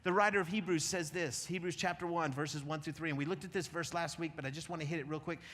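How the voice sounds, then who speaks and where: High-voiced pastor preaching in a reverberant hall. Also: male voice, steady tone, fast, a bit bright. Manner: conversational, repeats words when starting sentences. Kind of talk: sermon. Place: church sanctuary. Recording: long church reverb.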